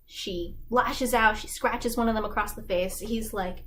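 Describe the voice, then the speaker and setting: A woman with a somewhat high voice retells a story in a casual, slangy way. She talks in a loose, chatty stream full of likes. The room is quiet, with a faint hum behind her. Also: unhurried, hardly any pauses, rough recording. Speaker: fandom explainer host. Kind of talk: casual plot summary.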